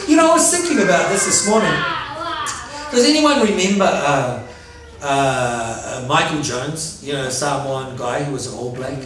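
A high-voiced man preaches in a lively, playful way, laughing at his own jokes and pressing his listeners for amens. His voice comes from some way off the mic in a very echoey church hall. The congregation answers him now and then. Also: measured pace, far from the mic, background noise. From New Zealand. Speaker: pastor. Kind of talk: sermon.

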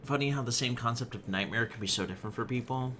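A young man talks through a game on a live stream in a loose, chatty way, cursing often and reading notes aloud. His voice is bright and pushed forward at a middling pitch. A faint hiss sits under the recording. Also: fast talker. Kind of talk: casual live-stream commentary.

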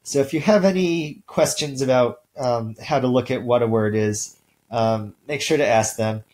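Man giving a relaxed recorded lecture. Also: mid-range voice, moderate pace, low-quality recording. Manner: relaxed, many ums and uhs, clears throat. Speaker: linguistics instructor.

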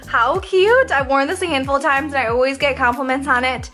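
Young woman, fashion vlogger, fairly high voice, bubbly and gushing, casual haul chat, faint background music. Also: steady tone, quick pace, bright, forceful tone. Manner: bubbly, gushing, lots of fillers.

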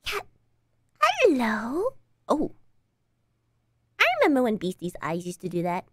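A woman streaming a game live, playful and excitable, gasping, meowing and talking in cutesy broken grammar. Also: high-pitched, no echo.

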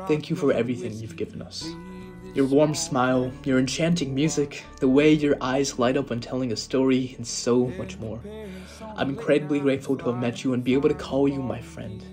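A young man with a mid-pitched voice speaks earnestly and in measured phrases, as if reading a prepared tribute. Soft music plays underneath. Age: young adult. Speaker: college friend. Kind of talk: prepared farewell speech.

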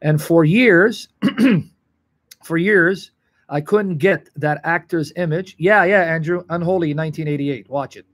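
A man's voice: on the high side, a little slow, a bit bright. A man teaching the Bible on a livestream, earnest and emotional, answering viewers in the chat by name.

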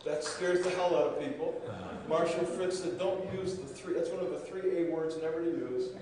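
A man's voice: a little high, fairly even intonation, normal speed, crowd noise. A man speaking as master of ceremonies at a podium, giving a joking, digressive conference speech and often repeating words. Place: large event room. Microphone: podium microphone. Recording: echoey hall, voice far from mic.

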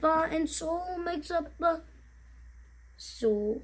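A young woman giving a home video music lesson, explaining note names slowly with halting pauses and singing them. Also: on the high side, steady tone. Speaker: music teacher.

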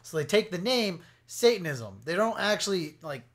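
Young male podcast co-host, slightly high voice, excitable, loose and profane. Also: moderate pace. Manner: excitable, swears freely, trails off with fillers. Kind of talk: casual chat.

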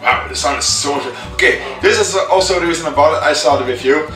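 A man rambling casually through a toy unboxing vlog, chatty and self-mocking, his voice a little hoarse. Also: a little high, fast talker, over music. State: slightly hoarse voice. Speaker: vlogger reviewing a toy. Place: room indoors. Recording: echoey room, mic at a distance.

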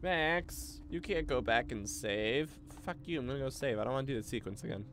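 A young man streaming a video game with casual commentary. He swears freely and breaks into loud, excitable outbursts. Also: mid-range voice, a little fast.

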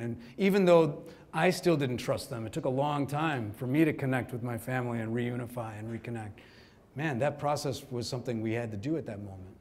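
A man in his forties from Kerala gives a keynote speech at a conference, telling stories to the crowd. His voice sits at a middling pitch. He talks loosely and chattily, full of asides and "you know.". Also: darkish tone. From Kerala, India. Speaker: keynote speaker. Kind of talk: storytelling speech. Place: conference hall before an audience.

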